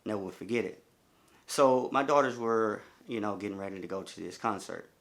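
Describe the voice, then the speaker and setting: A middle-aged man with a fairly low voice tells his own story as a bereaved father. He speaks haltingly and circles back on his words, leaning on fillers as he goes. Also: creaky, fairly bright tone. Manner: halting, repetitive, many fillers. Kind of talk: personal testimony.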